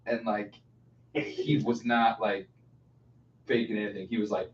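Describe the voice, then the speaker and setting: Low-voiced man, rambling podcast guest, lo-fi and hissy. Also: level tone, unhurried. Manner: rambling, lots of "like" and "you know". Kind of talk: casual wrestling chat. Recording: roomy, distant, dull with faint noise.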